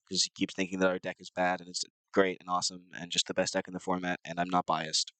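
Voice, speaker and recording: A low-voiced man with a nasal, slightly sick sound, commentating his own card game matches. He rambles casually and unsurely, leaning on fillers. The recording is close and completely dry, with no room in it. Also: steady tone, fast talker, hardly any pauses, fairly bright tone, clean tone, dry recording, low-quality recording. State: a little sick.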